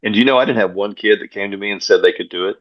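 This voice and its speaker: A man, a pastor and coach, guesting on an interview show and telling stories in an energetic way, often repeating words as he goes. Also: on the low side, very fast. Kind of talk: casual interview storytelling. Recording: dull lo-fi sound.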